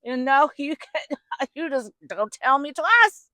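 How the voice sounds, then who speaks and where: A woman's voice: sits high, very animated, slow pace, pushed and bright, dry recording, voice pushed up, heavily acted. A woman putting on a flippant, breezy young woman. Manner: breezy, laughing, offhand.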